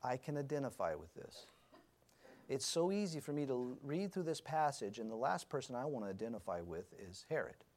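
A man's voice: mid-range voice, big pitch swings, fairly quick, a little mellow. A man teaching an adult Sunday school class in a conversational way, asking the group questions and correcting himself as he goes.

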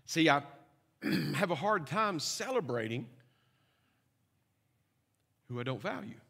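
A man's voice: on the high side, big pitch swings, slow pace, vocal fry, a bit bright, in a large hall. A middle-aged man preaching a sermon, telling funny stories and checking in with the congregation. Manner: humorous storytelling with asides to the congregation. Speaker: pastor.

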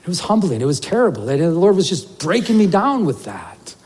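A man's voice: high voice, very animated, brisk, darkish tone, slightly rough. A man preaching a sermon as pastor, talking earnestly and conversationally, with many fillers and repeated words. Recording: long hall reverb.

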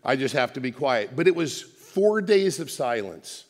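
A man's voice: mid-range voice, very animated, normal speed. Man preaching in a reverberant hall. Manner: conversational preaching with many restarts, dropping soft for emphasis. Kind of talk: sermon.

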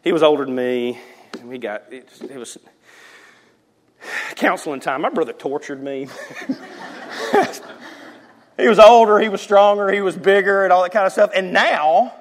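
A man's voice: high-pitched, normal speed, big-room sound. A man in his forties from the South, preaching a sermon and telling a family story with laughter and acted-out voices. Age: 40s. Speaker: pastor. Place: church sanctuary.

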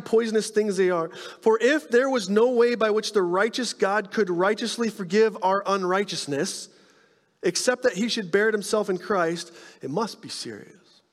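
A male pastor preaching a sermon, telling stories with animated energy and dropping to hushed tones to make his point. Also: sits high, normal speed, big-room sound. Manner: animated storytelling, drops to soft hushed tones for emphasis.

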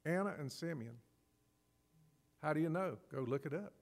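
A man preaching a sermon as pastor, animated and acting out scripture scenes with laughs. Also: on the high side, moderate pace, creaky, big-room sound.

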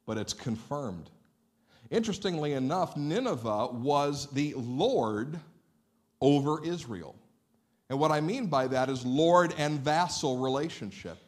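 A man preaching a sermon, reading scripture dramatically and then speaking in relaxed, conversational asides. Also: a little high, a little slow. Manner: dramatic scripture reading, rising loud on quoted lines. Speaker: pastor.

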